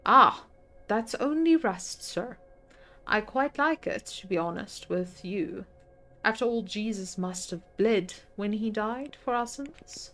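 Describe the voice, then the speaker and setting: A woman voicing a pious, sharp-tongued older housekeeper who speaks in a prim, indignant way. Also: medium pitch, expressive, takes it slowly, soft background music, exaggerated voice.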